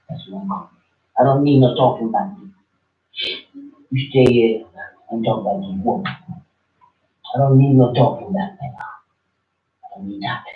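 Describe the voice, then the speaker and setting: A man preaching an informal sermon, swinging between loud bursts and soft asides in slangy, animated speech. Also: medium pitch. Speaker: religious teacher. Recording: tinny, echoey room, from far off.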